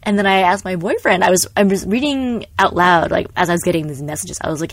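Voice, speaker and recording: A young woman co-hosting a casual podcast chat, an animated storyteller who acts out quotes and laughs often. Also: on the low side, quick pace, few pauses, no echo. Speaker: podcast co-host.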